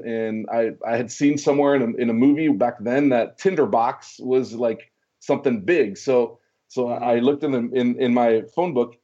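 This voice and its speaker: A man's voice: mid-range voice, dull audio. A man in a casual interview, telling a long story from his past, stumbling over repeated words and acting out the dialogue. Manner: animated storyteller, many restarts and repeated words, acts out quoted dialogue.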